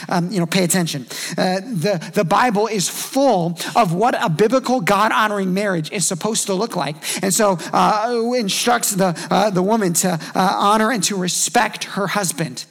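A man's voice: high-pitched, a bit bright. A man preaching a sermon in a conversational way, acting out short quoted voices along the way. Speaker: pastor.

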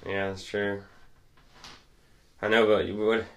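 Laid-back young man with a low voice. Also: little pitch movement, slow, fairly bright tone. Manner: laid-back rambling storyteller, laughs often. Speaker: podcast co-host. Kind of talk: casual chat.

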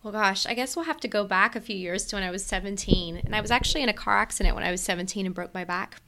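A woman in her thirties with an Appalachian accent, a physician guest chatting in a friendly, relaxed way. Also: medium pitch, quick pace, background noise. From West Virginia. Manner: friendly, relaxed, with frequent fillers. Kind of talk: casual interview talk.

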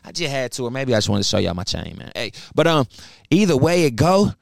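This young podcast host talks fast in a sing-song, medium-pitched voice with vocal fry, recorded dry and clean in a studio. He's heated and preachy, ranting on his own with plenty of blunt swearing.

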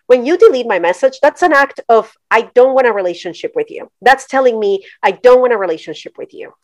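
A woman's voice: fairly high pitch, lively intonation, fairly quick, no echo, muffled recording. A middle-aged woman from Colombia, a podcast guest telling her story candidly. She talks directly and emphatically, slipping into voices of the people she quotes.

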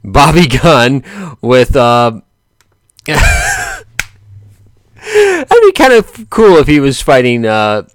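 A man's voice: mid-range voice, wildly swooping pitch, very slow, long pauses, no echo, clean studio sound. A man giving casual boxing commentary in a rambling, joking way, often correcting himself and laughing.

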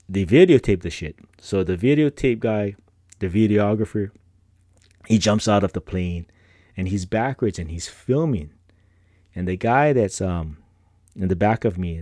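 Speaking in a lowish, warm voice, a middle-aged man hosts a podcast and tells personal stories. He's laid-back and rambling, full of slang and frequent laughter. The studio-quality sound has no echo.

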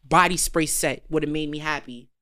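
A young woman, hosting a podcast and telling a story in an animated, profane rant. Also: low-pitched, normal speed, dry recording, studio quality. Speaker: podcast host. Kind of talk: casual storytelling chat.

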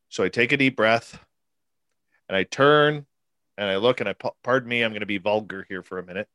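A man's voice: on the low side, fairly quick, pushed and bright, no echo. A man in his forties, recounting an encounter as an interviewee, emphatic and repetitive, acting out the quotes. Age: 40s. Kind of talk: animated personal storytelling.

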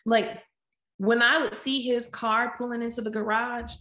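A woman telling a personal story in a lively, animated way, acting out the quotes. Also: fairly high pitch, a little slow. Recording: echoey room.

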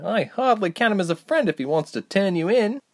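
Fierce young fire-mage woman, voiced by a man in an audiobook, pitched high and curt. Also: lively intonation, brisk. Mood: dismissive.

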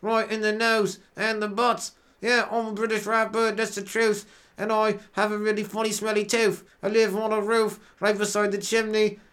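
A man's voice: high voice, completely flat delivery, moderate pace, fairly bright tone, pitched above the performer's own voice. A man voicing a snooty, nasal male British rapper who boasts in silly rhymes. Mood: boastful. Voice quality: nasal, talks through the nose.

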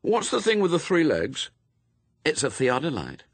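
Man voicing an eager young boy, high, lively; storybook. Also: moderate pace, no room sound, exaggerated voice. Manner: hopeful, boyish.

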